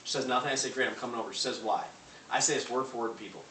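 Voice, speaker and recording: Guy firing off a sales pep talk, bright sharp voice, mic far off in a big echoey hall. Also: medium pitch, racing, a little hiss or hum. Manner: loud, punchy, acts out phone calls. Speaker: motivational speaker. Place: large room before a live audience.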